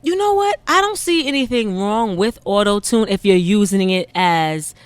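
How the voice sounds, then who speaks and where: A woman's voice: mid-range voice, lively intonation, moderate pace, smooth, dry recording. A woman singer being interviewed as a guest in a casual chat, explaining her views in an easygoing way. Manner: laughing exclamations, easygoing explanations.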